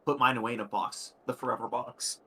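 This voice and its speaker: A man's voice: mid-range voice, little pitch movement, fairly quick, bright, forceful tone, breathy edge. A man joining a game stream, teasing and making playful wordplay. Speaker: co-player on a stream. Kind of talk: casual chat on a game stream.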